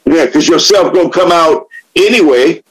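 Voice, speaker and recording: An older man in his seventies with a fairly high voice tells his story to a recovery group. He talks in a loose, profane way and laughs often. He swings from loud, emphatic bursts to low, quiet reflection. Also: moderate pace, breathy edge, poor audio. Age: 70s. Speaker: AA meeting speaker. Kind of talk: sharing personal story at recovery meeting.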